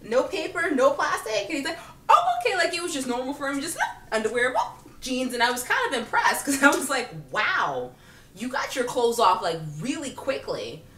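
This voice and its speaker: A woman's voice: sits high, a little fast, roomy sound, far from the mic. A woman telling a comic personal story in a casual, sassy way, laughing often and acting out what people said. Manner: animated, sassy, laughs often, acts out quotes. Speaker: vlogger.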